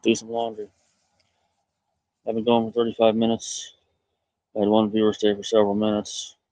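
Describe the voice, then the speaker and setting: A man's voice: lowish voice, monotone, normal speed, no echo, poor audio. Rambling man talking to his goats. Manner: rambling, talks softly to animals. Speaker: livestreamer tending goats. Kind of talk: casual live-stream monologue. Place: outdoors in a farmyard.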